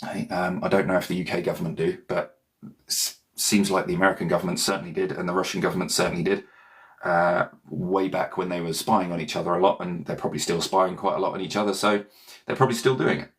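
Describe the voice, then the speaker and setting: A low-voiced man talks loosely and digressively to his viewers as a meditation teacher. He wanders between points and keeps checking in with a quick "okay?". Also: fairly even intonation. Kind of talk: casual rambling talk to viewers.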